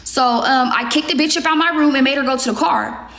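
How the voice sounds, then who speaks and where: A young adult woman telling a profane story on a livestream, animated and acting out the quotes. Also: high voice, a little fast, vocal fry. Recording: echoey room.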